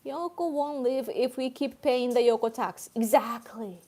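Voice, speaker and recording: A woman's voice: fairly high pitch, mellow. A woman live streaming from home on a tablet, chatting casually with viewers in a playful, giggly way. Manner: playful and giggly, quick to laugh.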